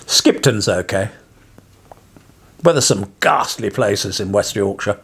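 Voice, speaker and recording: A man's voice: fairly low pitch, animated, slow, vocal fry, a bit bright, slightly rough. A man from England, a parson vlogging, talking in a wry, digressive way with chuckling asides. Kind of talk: casual rambling vlog monologue.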